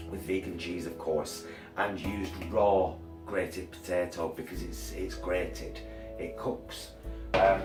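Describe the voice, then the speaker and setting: A chatty man walks through a recipe at home, rambling along with plenty of filler words. His voice is fairly low and sits a little back from the mic. The kitchen sounds roomy, with clear music playing behind him. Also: recorded from a distance. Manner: rambling, chatty, many ums and uhs. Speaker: cooking channel co-host. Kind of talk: casual cooking demo chat.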